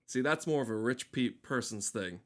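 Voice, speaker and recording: A man's voice: medium pitch, animated, moderate pace. Rambling, swearing male game streamer. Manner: rambling, swearing, self-interrupting, joking with chat. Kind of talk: casual gaming stream commentary.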